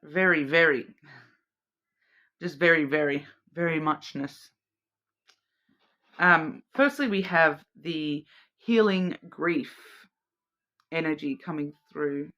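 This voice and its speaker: A woman with a low, bright, forceful voice speaks slowly and pauses often, and the recording sounds lo-fi. She hosts a weekly oracle card reading, musing aloud and repeating words while she hunts for meaning. She talks straight to the listener, checking in with "okay?"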